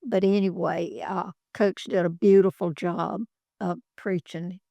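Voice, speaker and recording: A woman's voice: on the low side, flat delivery, a little slow, gravelly, warm tone, dry recording, studio quality. Older woman telling folksy stories. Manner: folksy, rambling anecdotes with acted quotes. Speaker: interviewee, former executive assistant. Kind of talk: casual storytelling. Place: office.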